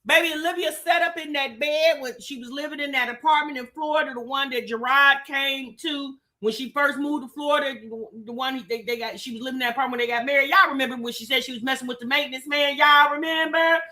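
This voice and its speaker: High bright woman doing gossip commentary on a livestream, aave, chatting right at her viewers, super animated. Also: fast, hardly any pauses. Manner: animated, talks straight to the chat with "baby" and "child". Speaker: commentary show host.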